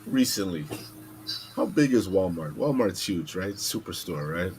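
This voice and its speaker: Podcast host, male, casual and animated, swears freely, faint hiss on the track. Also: low-pitched, measured pace. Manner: animated, swearing, acts out voices in stories. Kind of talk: casual storytelling chat.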